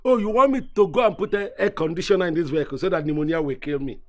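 A man's voice: a little high, very fast, darkish tone, close to an everyday voice. A Nigerian actor playing a stingy, suspicious father who scolds his child. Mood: scolding. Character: stingy suspicious middle-aged father, government contractor. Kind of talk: film acting.

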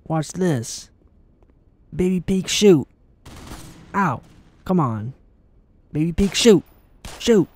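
Excitable cursing gamer guy. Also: sits high, slow, long pauses. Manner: excitable, swears a lot, taunts enemies. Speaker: gaming channel host. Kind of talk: let's play commentary.

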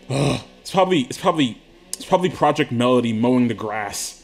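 A man talking to camera in a casual comedic monologue from an attic room, excitable and giggly, rambling with frequent laughs and yelps. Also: mid-range voice, quick pace, vocal fry, soft background music. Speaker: video creator.

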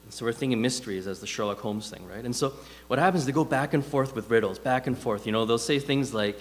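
A fast-talking preacher with a middle-pitched voice delivers his sermon conversationally, using animated stories peppered with fillers to make his points. The church hall adds a long reverb.

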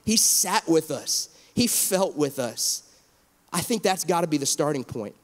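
Man, 30s, pastor; earnest and emotional, slightly high voice, long hall reverb. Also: expressive. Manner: earnest and emotional, with halting restarts. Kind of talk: heartfelt panel discussion.

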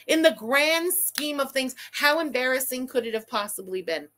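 Casting: young adult woman, high, bright, swearing, animated livestream host. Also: normal speed, few pauses. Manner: profane, animated, ranting. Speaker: livestream host reading super chats. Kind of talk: casual livestream chat.

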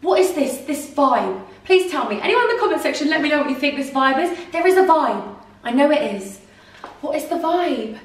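A British woman in her twenties, giggly and self-mocking, chats through a holiday outfit try-on vlog, first outdoors on holiday and then at an airport. Her high voice is sing-song and moderately paced. A distant camera mic picks her up over a noisy background.

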